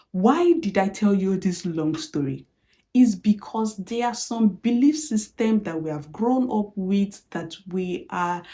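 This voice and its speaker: Woman, motivational speaker, lively personal storytelling, quotes dialogue, soft warm tone. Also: medium pitch.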